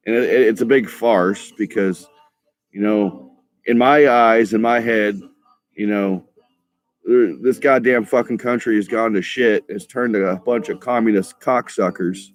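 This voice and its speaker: A man's voice: on the low side, a little slow, soft background music. A man ranting in a heated, profane monologue for his vlog, often stumbling over his words and restarting, with a laid-back stoner drawl. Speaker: vlogger.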